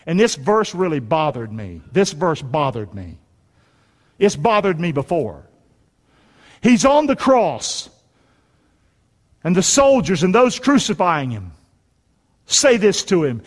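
A man's voice: on the high side, sing-song, moderate pace. A man preaching a sermon, reading scripture aloud and leading the congregation to repeat it in a folksy, emphatic way. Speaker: pastor. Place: church. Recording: long echoey hall reverb.

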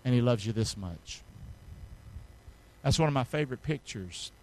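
A man preaching a sermon as pastor, calling the congregation to repeat after him and reading scripture aloud, moving between hushed, intimate lines and loud, rising passages. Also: medium pitch, lively intonation, normal speed. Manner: call-and-response preaching, swings from hushed to loud.

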